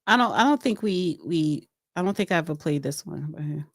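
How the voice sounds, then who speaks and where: A woman co-hosting a casual reaction podcast, lively and quick to laugh. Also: low-pitched. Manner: lively, laughing, reads out the list. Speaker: podcast co-host.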